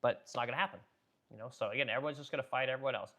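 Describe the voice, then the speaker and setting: Fast-talking blunt man on a livestream. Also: medium pitch, pushed and bright. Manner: blunt, profane, rambling with many restarts. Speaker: livestream host reading chat comments. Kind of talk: casual opinionated livestream talk.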